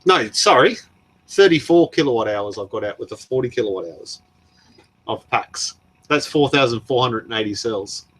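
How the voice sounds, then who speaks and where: A man's voice: medium pitch, expressive, moderate pace, a bit bright, breathy edge, no echo. Chatty Australian man on a livestream. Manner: chatty and rambling, laughs often, answers viewer chat. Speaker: livestream host. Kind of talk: casual livestream chat reading comments.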